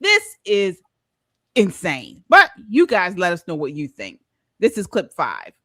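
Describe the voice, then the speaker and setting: Earnest woman host with lively pitch. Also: a little slow, no room sound. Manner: earnest, many restarts and repeated words. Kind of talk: casual commentary chat.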